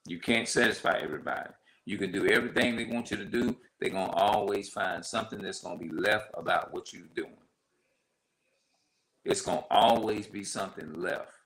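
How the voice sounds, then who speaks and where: A man's voice: normal speed, low-quality recording. A man talking casually to camera, repeating himself and often checking that the listener follows. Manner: repetitive, conversational, often asks "you see what I'm saying"; acts out quoted voices with sharp jumps in pitch. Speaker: vlogger.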